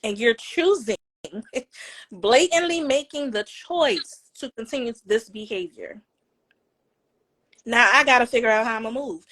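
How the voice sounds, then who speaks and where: Female podcast co-host, high-pitched, reflective, halting, dry close sound. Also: fairly bright tone, no echo, rough recording. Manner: reflective, halting, laughs between thoughts. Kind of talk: casual chat.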